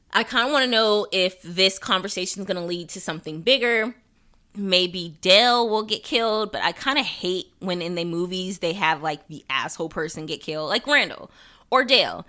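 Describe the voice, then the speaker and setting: A woman's voice: lowish voice, lively intonation, moderate pace, pushed and bright. A young woman hosting a podcast, chatting casually through an episode recap, laughing often and acting out quotes. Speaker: podcast host.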